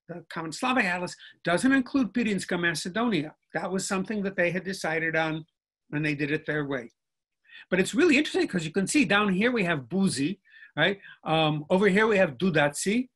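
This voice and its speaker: A man's voice: high voice, animated, normal speed, a bit bright. An older man, a linguistics professor, lecturing in a professorial, step-by-step way over a video call and checking in with listeners as he explains. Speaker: linguistics professor, guest speaker. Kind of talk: lecturing in a virtual conversation.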